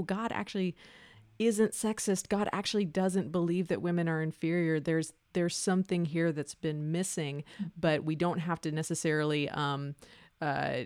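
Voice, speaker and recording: A woman's voice: deep voice, dry recording. A woman hosting a podcast, responding in a reflective, affirming way. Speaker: podcast host. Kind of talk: conversational interview.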